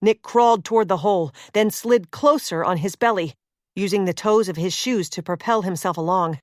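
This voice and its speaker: A woman reading a suspense novel as audiobook narrator, in a steady, measured way. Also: mid-range voice, no echo, studio quality.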